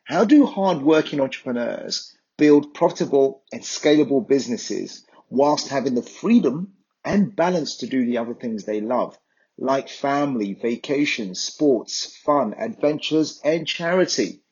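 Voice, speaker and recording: Husky-voiced man reading a podcast intro. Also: mid-range voice, animated, unhurried, a little mellow. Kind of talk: scripted show intro. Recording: dull, muffled sound.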